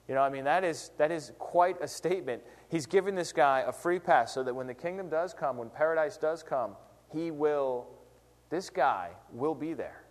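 A man's voice: a little high, brisk, big-room sound. A man preaching a sermon in a conversational, emphatic way. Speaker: pastor.

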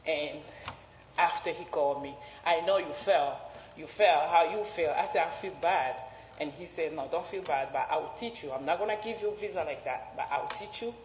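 A woman whose first language is French tells a personal story in an animated way, laughing and jumping up in pitch when she quotes others. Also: slight background noise. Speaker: interviewee. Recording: roomy, reverberant, slightly dull recording.

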